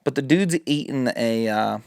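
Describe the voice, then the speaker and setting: A man hosting a podcast, telling a story in casual chat, animated, swearing and acting out quotes. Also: mid-range voice, moderate pace, vocal fry, smooth, no room sound, studio quality. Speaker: podcast host.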